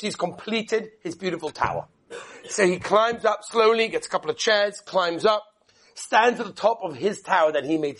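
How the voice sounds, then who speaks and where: High-voiced animated male Torah teacher. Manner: animated, quick, with Hebrew and Yiddish terms. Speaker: Torah lecturer. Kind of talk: spoken Torah class with parables.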